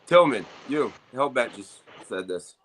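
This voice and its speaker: A man's voice: medium pitch, expressive, a little slow, a bit bright, a little hiss or hum, poor audio. A man hosting an armwrestling talk show, telling stories in a loose, profane, filler-heavy way. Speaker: armwrestling show host and competitor. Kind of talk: casual chat.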